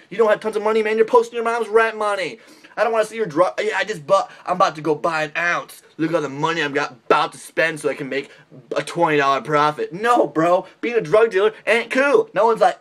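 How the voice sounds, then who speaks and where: A young man with a fairly high voice rants into his camera. His delivery is blunt and full of profanity. He keeps slipping into mocking impressions of other people. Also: expressive, fast. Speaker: vlogger giving dating advice. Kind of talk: ranting comedic vlog.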